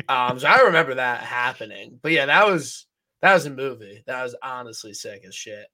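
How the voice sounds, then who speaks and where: A bright, forceful male voice on a casual golf-betting podcast. He talks excitably in quick bursts and swears freely. His pitch sits in the middle for a man. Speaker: podcast co-host. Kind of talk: casual sports-betting chat.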